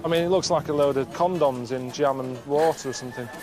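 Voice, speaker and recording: A man giving bemused, deadpan commentary while he travels. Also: on the high side, fast. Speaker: travel show presenter. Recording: music under the voice.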